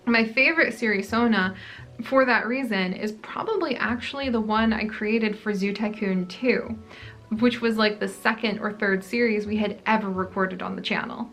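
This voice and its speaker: A woman's voice: medium pitch, moderate pace, a bit bright, faint music behind. A woman hosting a gaming channel, chatting casually through a Q&A vlog in a rambling, friendly way. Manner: chatty, rambling, many "like" fillers.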